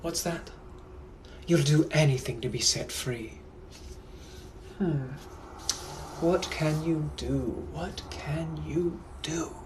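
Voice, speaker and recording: Brief: man playing a whispered role-play British butler, slightly high, silky and slow, over a noisy hiss. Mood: menacing. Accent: put-on British. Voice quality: hushed, silky, slow and deliberate. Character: suave, menacing Victorian British gentleman butler.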